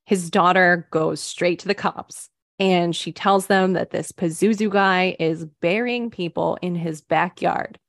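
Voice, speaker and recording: A woman co-hosting a true crime podcast, unhurried and wry, dropping dry asides into the story. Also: lowish voice, fairly even intonation, a bit bright, no echo. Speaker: podcast co-host. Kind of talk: casual true crime chat.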